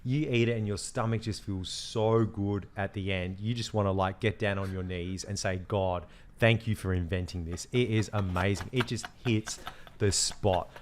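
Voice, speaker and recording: Aussie bloke cohost, young, swears a lot, ranting story mode, slight hiss behind. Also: male voice, lowish voice, fairly even intonation, normal speed. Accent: Australian. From Western Australia. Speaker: podcast co-host. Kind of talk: casual chat.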